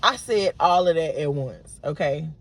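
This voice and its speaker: Talking to camera in a raw, unedited vlog, this late-twenties woman recounts an argument with evident frustration, stumbling through plenty of fillers and restarts. She has a low voice with lively intonation and keeps a measured pace.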